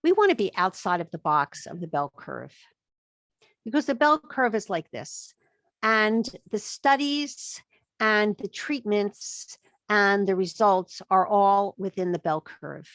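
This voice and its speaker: A woman appears as a guest expert on chronic illness in a podcast interview, speaking emphatically and acting out the thoughts she has to herself. Her mid-range voice is expressive, slow and a bit bright. There's no room sound.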